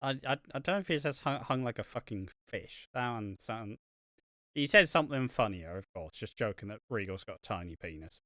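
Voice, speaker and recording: A man co-hosting a podcast, chatting casually and recapping with sweary, animated storytelling. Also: lowish voice, a little fast, dry recording, studio quality. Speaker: podcast co-host. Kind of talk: casual chat.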